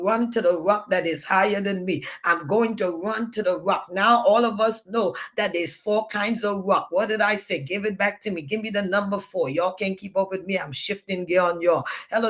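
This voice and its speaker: High-voiced man preaching online. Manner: repetitive, call-and-response preaching to online viewers. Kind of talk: livestreamed sermon.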